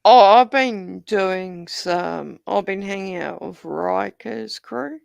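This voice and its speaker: A man from New talks in a blunt, casual way and swears freely. His voice is full of deep vocal fry and sounds gravelly throughout. The recording is dry and close to the mic. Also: slow pace, no room sound. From New Zealand. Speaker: panel guest. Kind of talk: casual chat.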